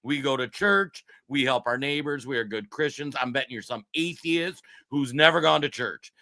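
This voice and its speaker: Fired-up man, bright voice. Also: mid-range voice, animated, normal speed. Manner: heated, raising his voice, worked up. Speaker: co-host. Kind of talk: political commentary show. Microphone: streaming studio mic.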